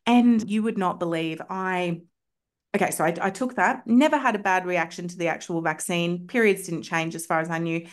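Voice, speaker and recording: A woman's voice: on the low side, moderate pace. A woman homeopath telling personal stories as a podcast guest, enthusiastic and chatty, with lots of filler words. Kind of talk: casual storytelling in a podcast interview.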